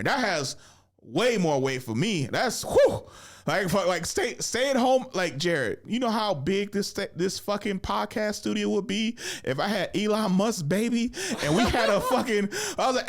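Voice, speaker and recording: A man in his thirties, a comedian hosting a podcast, talking casually in a rambling, profane, animated way in a podcast studio. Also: sits high, moderate pace. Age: 30s.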